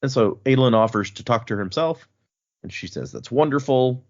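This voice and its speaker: A man's voice: on the low side, lively intonation, a little fast, lo-fi sound. A man co-hosting a podcast, casually and animatedly retelling book chapters with chuckles and loose fillers. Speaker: podcast co-host.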